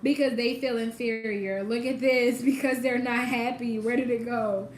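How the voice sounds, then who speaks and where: A woman's voice: fairly high pitch, fairly even intonation, normal speed, echoey room, slight background noise, poor audio. A woman doing a casual tarot reading, talking straight to the viewer with emphasis and casual swearing. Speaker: tarot reader.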